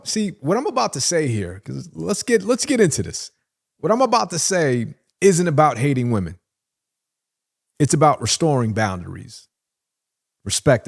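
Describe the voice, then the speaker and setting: A man's voice: mid-range voice, darkish tone. A man hosting a reaction video, lecturing in a preachy, emphatic way. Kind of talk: reaction commentary.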